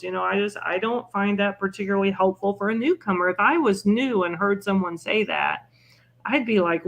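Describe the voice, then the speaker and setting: A woman's voice: mid-range voice, fairly even intonation, gravelly. An older woman, a guest on a recovery podcast, telling personal stories in a chatty, self-mocking way. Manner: chatty and self-mocking, with frequent "you know" and quick laughs. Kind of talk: conversational storytelling.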